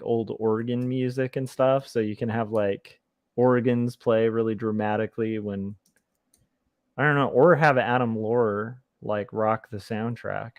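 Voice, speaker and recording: A man's voice: mid-range voice, no room sound. Rambling man on a dry close mic. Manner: rambling, thinks out loud. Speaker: livestream host and comic artist. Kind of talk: casual chat while drawing.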